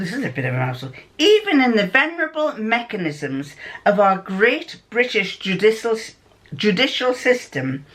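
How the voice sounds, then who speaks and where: An older woman reading out the lines of a calm male detective, in her own voice, tripping now and then over long words. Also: medium pitch. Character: calm, measured male detective giving advice. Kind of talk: reading a story aloud.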